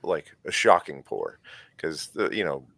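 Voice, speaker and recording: A man's voice: extremely low pitch, sing-song, measured pace, vocal fry, pushed and bright, no room sound. A man hosting a casual podcast, leading with questions in an easygoing way. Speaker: podcast host. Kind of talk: casual bourbon chat.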